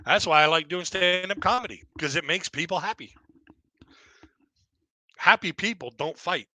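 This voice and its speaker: A man's voice: high-pitched, moderate pace, bright, forceful tone, dry recording, poor audio. A middle-aged man telling a stand-up story on a live stream, rambling and repeating himself, acting out other people in raised voices. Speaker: stand-up comedian.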